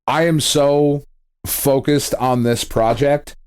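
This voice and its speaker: A man's voice: mid-range voice, takes it slowly, a little hiss or hum. A middle-aged man co-hosting a casual podcast, telling a story with lots of swearing, laughter and acted-out quotes. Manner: animated, swears a lot, laughs often, acts out quotes. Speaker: podcast co-host. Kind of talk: casual chat.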